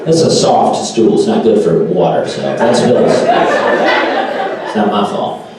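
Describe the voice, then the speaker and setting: A man's voice: on the low side, big pitch swings, measured pace. A man from the Southern United States doing a stand-up comedy set, dry and teasing toward the crowd. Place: comedy club or pub stage. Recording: echoey room from far mic, loud noise.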